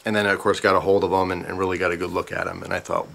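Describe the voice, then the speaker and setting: Low-voiced man telling a rambling story. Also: fast, creaky. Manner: rambling, animated retelling with asides. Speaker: vlogger. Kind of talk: casual storytime.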